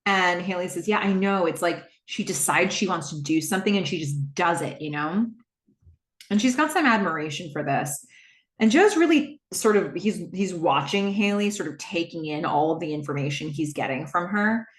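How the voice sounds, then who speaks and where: A woman hosting a podcast who retells a TV episode in a casual, animated way and acts out the characters' lines. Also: on the low side, normal speed. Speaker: podcast host. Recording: roomy echo.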